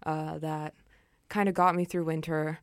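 A young woman co-hosts a college radio show, talking in a loose, rambling way full of "um" and "like". Her voice sits a little low and comes through smooth and clear. The studio mic gives a close, dry sound. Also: little pitch movement, unhurried, no echo. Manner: chatty, rambling, many fillers. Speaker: campus radio co-host. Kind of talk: casual radio chat. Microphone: studio microphone.

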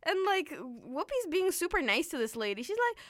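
A young woman chatting on a radio show, animated and laughing, acting out voices as she retells a story. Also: high-pitched, moderate pace, no echo, clean studio sound. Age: young adult. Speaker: co-host. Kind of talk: casual chat.

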